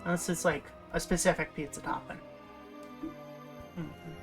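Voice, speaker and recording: Young woman streamer just rambling, kinda low voice, game music faint behind. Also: steady tone, normal speed. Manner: rambling, many fillers and restarts. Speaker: livestreamer. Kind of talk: casual chat while streaming.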